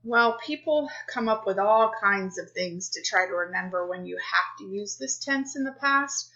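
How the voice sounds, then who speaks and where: Woman, Spanish teacher, measured lesson delivery, bright tone, slightly muffled recording. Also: medium pitch, lively intonation. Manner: clear, explanatory, unhurried.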